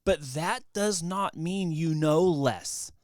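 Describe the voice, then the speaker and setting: A videographer guest in a casual podcast conversation talks emphatically and encouragingly, using lots of "likes." His voice is a little high and slow, captured in a dry, clean studio recording.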